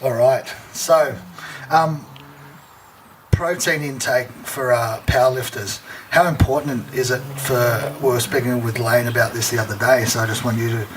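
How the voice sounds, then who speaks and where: Halting Australian podcast host. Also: male voice, medium pitch, fairly even intonation. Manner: halting, hesitant questions. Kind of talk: casual podcast interview. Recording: noticeable background noise.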